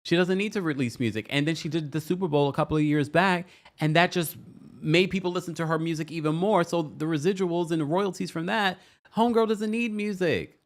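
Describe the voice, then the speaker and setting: A man's voice: on the high side, a little fast. A man, hosting a casual livestream, chatting, laughing and reading viewer comments aloud. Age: 40s. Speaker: host.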